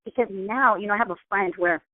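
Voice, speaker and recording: A woman's voice: medium pitch, quick pace, slight background noise. A woman host giving a casual, chatty motivational talk, often repeating herself. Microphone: phone call. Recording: tinny phone-line sound.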